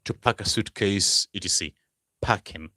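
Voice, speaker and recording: Male language tutor, lowish voice, drawn-out repeated words, close dry sound. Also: sharp tone, dry recording. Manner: slow, repeats each word several times and asks the viewers questions. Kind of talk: teaching German vocabulary.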